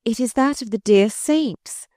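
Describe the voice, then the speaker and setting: A woman's voice: a little high, a little slow, warm tone, no room sound, clean studio sound, pitched above the performer's own voice, natural voice. A woman reading aloud voices a pious, spirited young noblewoman who pleads with fervent conviction.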